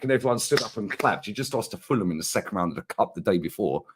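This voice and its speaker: Low-pitched man, animated slangy ranter, co-host of a football chat show. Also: rapid-fire, hardly any pauses, slight background noise.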